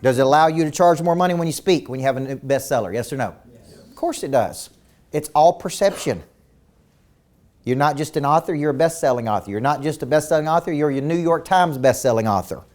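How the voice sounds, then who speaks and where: Coaching a virtual seminar, this businessman speaks intensely and emphatically, hurling rhetorical questions at the audience and echoing words at the start of every point. He has a fairly high, slightly mellow voice with lively intonation and a somewhat fast pace.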